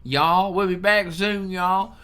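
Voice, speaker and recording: A man's voice: high voice, fairly even intonation, slow pace, bright, forceful tone, clear, resonant tone. A British man co-hosting a reaction video, chatty, loose and laughing often. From Britain. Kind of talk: casual reaction chat.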